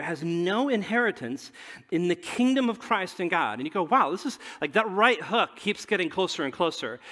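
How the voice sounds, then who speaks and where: A male pastor preaching a conversational sermon in a church room, peppering his points with questions and swinging between emphatic and hushed delivery. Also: a little high, long reverb tail.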